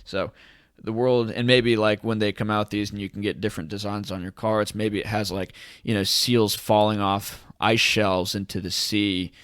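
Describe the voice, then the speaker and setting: A man's voice: lowish voice, little pitch movement, normal speed, a bit bright, no echo, clean studio sound. A man hosting a casual commentary video who reads news articles aloud and breaks off with sarcastic rhetorical questions. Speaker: host of a cryptocurrency commentary channel.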